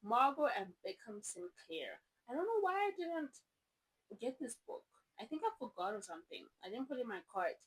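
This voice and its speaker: A woman's voice: a little high, sing-song, moderate pace, breathy edge, low-quality recording. A woman from South Africa with a South African accent, chatting casually and gushing through a book review with lots of rambling asides. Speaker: book vlogger.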